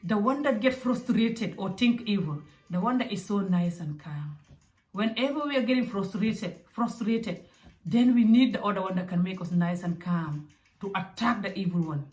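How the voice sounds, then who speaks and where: A young adult woman from Africa giving parenting advice in a casual, direct, animated way. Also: mid-range voice, moderate pace. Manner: animated and direct, with acted asides. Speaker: parenting vlogger. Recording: echoey room.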